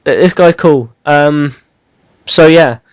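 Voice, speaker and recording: A man's voice: fairly high pitch, slow, clear, resonant tone, no room sound, low-quality recording. A man co-hosting a casual gaming podcast, rambling and teasing, with lots of ums and restarts. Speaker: podcast co-host.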